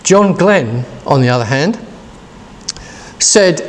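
A man's voice: on the high side, measured pace, a little mellow. A man in his sixties preaching a casual, chatty sermon and asking his listeners questions. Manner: chatty, asks the congregation questions.

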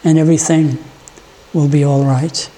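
A preacher voicing a calm, powerful voice from heaven. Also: medium pitch, close to an everyday voice, rough recording. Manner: calm, measured.

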